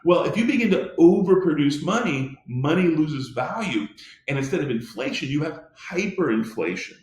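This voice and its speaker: A man's voice: fairly high pitch, expressive, moderate pace, darkish tone, roomy sound. A man teaching a history lecture in an emphatic way, often restarting his sentences. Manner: emphatic, many restarts and fillers. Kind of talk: recorded classroom lecture.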